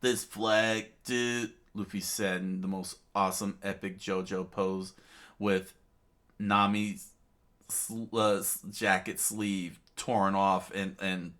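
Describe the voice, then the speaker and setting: A man casually reading a comic aloud, halting often with fillers and restarts. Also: low-pitched, level tone, fairly bright tone. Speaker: reader of a comic.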